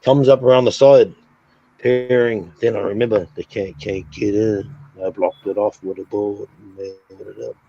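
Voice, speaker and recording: A man's voice: fairly low pitch, level tone, normal speed, warm tone. A man telling a sleep paralysis story on a casual stream, swearing a lot and acting out sounds and his own reactions. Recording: dull lo-fi stream audio.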